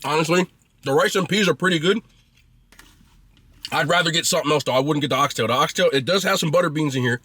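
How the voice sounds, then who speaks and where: A man's voice: a little high, quick pace, long pauses, sharp tone, husky, dry recording. A man casually reviewing food he is eating, chatty and blunt, with loose slangy talk.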